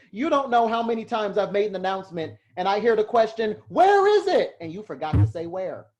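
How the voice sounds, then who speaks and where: A man teaches a live class in a relaxed, chatty lecture, often poking fun at himself and laughing along with the room. His pitch swings widely as he talks. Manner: chatty, self-deprecating, quick to laugh. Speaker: heraldry class instructor.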